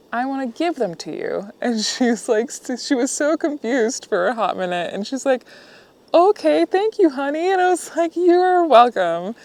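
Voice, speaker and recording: A woman's voice: mid-range voice, darkish tone. A woman vlogging at her campsite while she cooks dinner, chatting in an upbeat way and laughing often as she acts out little exchanges with people she met. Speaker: motorcycle travel vlogger. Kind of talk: casual chatty vlog narration. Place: outdoor campsite, cooking.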